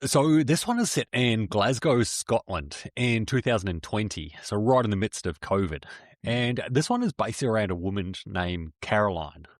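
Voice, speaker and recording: A man co-hosts a casual podcast and retells a story in a loose, chatty way, laughing often. His voice is slightly low. The close mic sounds dry. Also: expressive, normal speed, no room sound. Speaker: podcast co-host.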